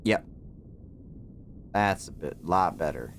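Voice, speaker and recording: A man's voice: low voice, animated, slow pace, slight background noise. A young man streaming a game, chatting casually in slang and thinking aloud as he plays. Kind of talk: casual gameplay commentary.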